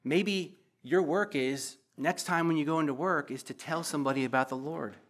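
A man's voice: on the high side, normal speed. Earnest man preaching a sermon. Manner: earnest, repetitive, emotional preaching. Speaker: pastor. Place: church.

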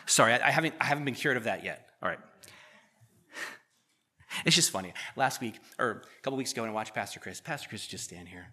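A man preaching a sermon, reading scripture aloud and breaking off into animated asides to the congregation. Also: medium pitch, fast talker, pauses often, husky. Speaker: pastor.

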